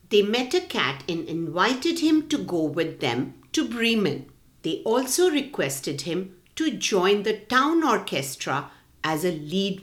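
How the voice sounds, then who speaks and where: A woman reading a storybook aloud to children in an expressive, slow and clear manner. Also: medium pitch.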